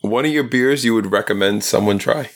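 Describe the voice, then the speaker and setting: Low-voiced man hosting an interview. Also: fairly quick. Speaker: podcast host. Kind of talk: casual interview.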